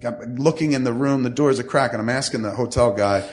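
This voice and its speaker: A man with a mid-range voice talks fast into a studio mic. In a casual storytelling chat, he rambles through a long anecdote full of profanity, performing the voices of the others involved.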